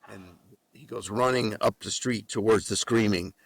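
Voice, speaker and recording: Low gravelly man telling a story. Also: normal speed, dry recording. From New Mexico. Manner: animated storyteller with frequent profanity. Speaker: guest author and musician. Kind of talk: casual storytelling.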